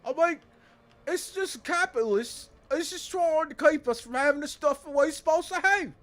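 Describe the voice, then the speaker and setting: Man doing a shrill whiny striking worker. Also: normal speed, a bit bright. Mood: whining. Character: whiny high-pitched male striking worker.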